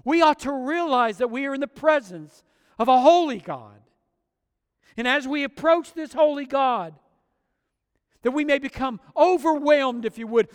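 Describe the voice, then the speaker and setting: A male pastor preaching a fervent sermon, slowing down and swelling on key phrases. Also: very high voice, clean tone, long reverb tail. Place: church sanctuary.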